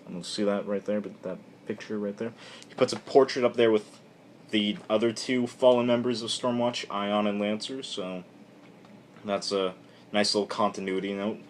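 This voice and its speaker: A low-voiced man talks through a comic book issue in a loose, rambling vlog. His retelling is irreverent and animated, full of quick asides. A faint hiss sits behind him. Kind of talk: casual comic recap vlog.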